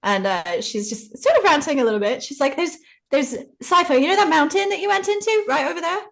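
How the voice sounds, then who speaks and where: Woman tabletop player, high voice, flustered and fast in character. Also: animated, creaky, fairly bright tone. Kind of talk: playing a tabletop game in character.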